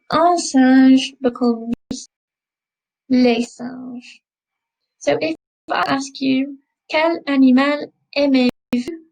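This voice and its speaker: A woman teaching a school French class, speaking slowly and patiently and repeating each word twice. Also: high-pitched, vocal fry, poor audio. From England. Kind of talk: classroom lesson explaining French grammar.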